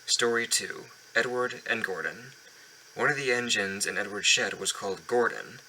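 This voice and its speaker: A man's voice: lowish voice, normal speed, pushed and bright, a little hiss or hum, rough recording. A man reading a children's storybook aloud at home, often stumbling and restarting lines. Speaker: reader of a children's book. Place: home basement.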